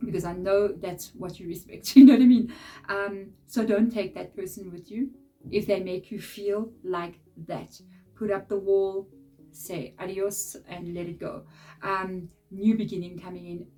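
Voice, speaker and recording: A woman giving a casual, chatty tarot reading straight to her viewers, blunt and direct with frequent laughs. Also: medium pitch. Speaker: tarot reader. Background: soft background music.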